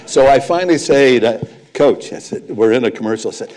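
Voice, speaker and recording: An older man, a veteran sportscaster, telling anecdotes on stage as a lively raconteur. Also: medium pitch, fairly quick, a little hiss or hum. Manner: lively raconteur, chuckles between punchlines. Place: live event before an audience.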